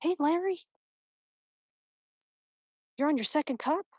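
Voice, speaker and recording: Brief: female streamer, a touch high-pitched, casual chatter to viewers and pet while walking outside, dry phone sound. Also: slow, dark tone, no echo. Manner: reads viewer comments aloud and baby-talks to her dog. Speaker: live-stream host. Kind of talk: chatty live-stream walk-and-talk. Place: outdoors at a mountain park.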